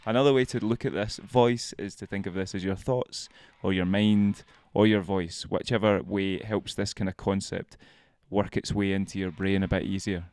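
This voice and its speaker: Low-voiced Scottish man, casual self-help talk. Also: steady tone, normal speed, darkish tone, no echo. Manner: laughs often, swears casually. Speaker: vlog host.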